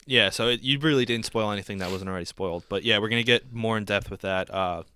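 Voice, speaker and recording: Low-voiced casual male podcast host. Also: fast, smooth, no echo, studio quality. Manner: relaxed, filler-heavy. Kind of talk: casual chat.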